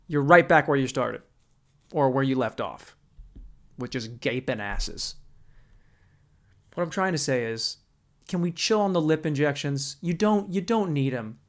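A man's voice: high voice, animated, measured pace, fairly bright tone. A young man hosting a podcast, ranting in a crude, sarcastic, rambling comedic style. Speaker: podcast host. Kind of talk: comedic rant.

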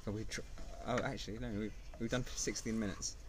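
A man's voice: fairly low pitch, steady tone, fairly quick, a loud crowd. A man co-hosting a casual podcast outdoors in a garden, bantering and laughing with his friend. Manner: joking, laughing easily. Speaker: podcast co-host.

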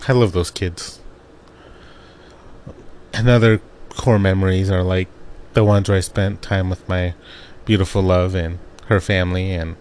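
A man's voice: low-pitched, darkish tone, a little hiss or hum. A young man from Arizona hosting a casual personal monologue into his own desk microphone, rambling and laughing as he tells family stories. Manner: rambling, laughs often while telling stories. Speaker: podcast host.

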